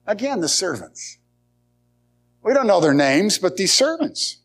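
A man preaching a sermon as pastor, his voice sitting a touch high. He swings between loud, emphatic lines and near whispers. He often restarts phrases and repeats words as he goes. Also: very animated, unhurried.

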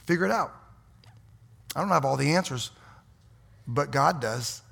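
A man preaching a fiery, folksy sermon as pastor in a church, swinging from quiet asides to loud exhortation. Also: fairly high pitch, animated, a little slow, vocal fry, husky. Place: church sanctuary.

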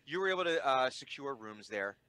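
A man narrating a tabletop game as game master, halting and restarting often as he describes the scene. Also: mid-range voice, lively intonation, sharp tone, smooth, dry recording. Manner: halting, full of restarts and fillers.

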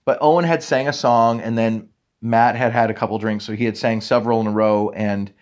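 A man with a lowish voice talks through a casual podcast monologue. He rambles from one story to the next and pokes fun at himself. He sounds like he is in his thirties. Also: steady tone, fairly quick. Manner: rambling, self-deprecating storytelling. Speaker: podcast host.

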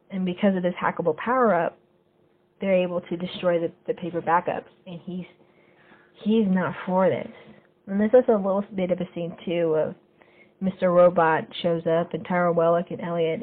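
A woman hosting a podcast, casually recapping a TV episode scene by scene and getting lively when she quotes the characters. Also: lowish voice, moderate pace, husky. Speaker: podcast host. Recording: phone-like narrow sound.

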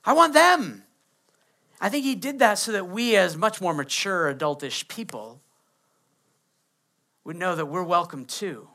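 A man's voice: high-pitched, lively intonation, normal speed, long pauses, sharp tone. A man, preaching a sermon as pastor and acting out quoted kids and prayers.

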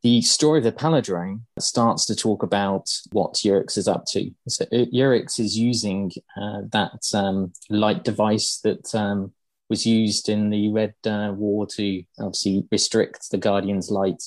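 A man's voice: lowish voice, fairly even intonation, measured pace, dry recording. A man hosting a podcast, casually explaining game lore with many ums and uhs. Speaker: podcast host.

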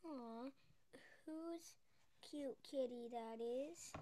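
A woman's voice: sits high, drawn-out words, dark tone, a little hiss or hum. A woman voicing a kind young woman who runs a pet parlor in a storybook, sounding sweet and helpful.

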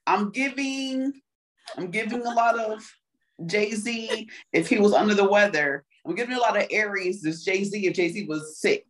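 A woman co-hosting a casual chat, joking and playful, often clearing her throat. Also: mid-range voice, a little slow.

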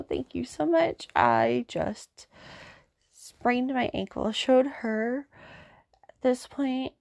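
A woman's voice: on the high side, creaky, darkish tone, dry recording, studio quality. A woman in her thirties hosting a podcast, telling a story in a casual, rambling way and talking through her thoughts. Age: 30s. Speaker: podcast host.

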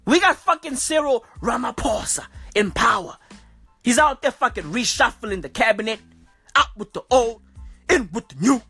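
In a dry recording with faint background music, a South African woman hosts a podcast, swearing through a slangy comic rant and adding "bruv" and "okay" after nearly every line. Her voice is a little high and a bit bright, with lively intonation, a breathy edge and a moderate pace.

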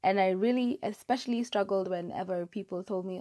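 A young woman with a medium-pitched, dark-toned voice speaks briskly as host of a casual solo podcast recorded in her bedroom. She's chatty, self-deprecating, and prone to fillers and restarts, miked with a lapel clipped to her hair and no room sound.

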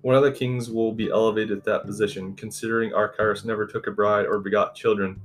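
A man's voice: lowish voice, flat delivery, fast, faint music behind, natural voice. Grave old elder mage, read by a man.

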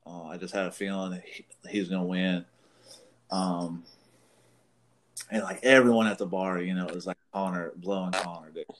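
A deep-voiced podcast co-host with fairly even intonation speaks at a moderate pace with long pauses. He casually rambles through a long talk-show story, swearing and laughing throughout.

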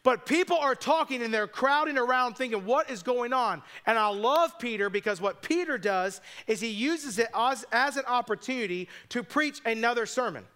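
Bright, high-voiced male pastor preaching. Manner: animated storytelling with quick asides and voiced quotes. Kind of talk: sermon.

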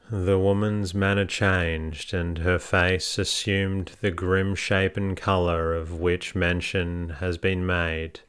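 A man reads a classic novel aloud in scripted narration. His voice is deep and exceptionally clear. He keeps an unhurried, measured pace. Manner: measured, even storytelling. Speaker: audiobook narrator.

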